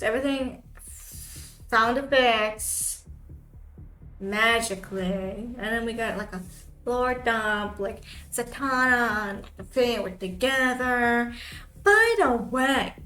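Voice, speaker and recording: A woman's voice: fairly high pitch, slow pace, sharp tone, faint music behind. A woman streamer ranting on a live stream, exasperated and swearing freely.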